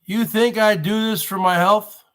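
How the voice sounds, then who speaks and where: Male livestream host, high voice, slow delivery, repetitive rhetorical questions. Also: fairly even intonation, fairly bright tone, smooth. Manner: addresses audience as folks. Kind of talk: rambling live-stream monologue.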